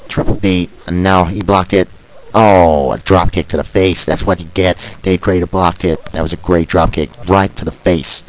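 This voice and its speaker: A man's voice: sits low, rough recording. A man commentating on a video game wrestling show as host, in a chatty, rambling way full of asides.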